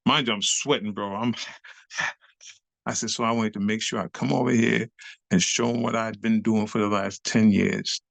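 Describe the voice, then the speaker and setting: A man's voice: lowish voice, moderate pace, creaky, dry recording. A middle-aged man, a guest on an interview show, telling a story animatedly, swearing freely in street slang and acting out scenes with beats and sound effects.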